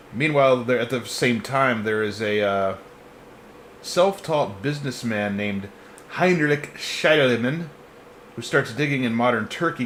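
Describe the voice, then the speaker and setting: A man's voice: medium pitch, fairly bright tone, a little hiss or hum. A man hosting a live history podcast in a casual, joking way, often laughing between points. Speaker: podcast host presenting the topic.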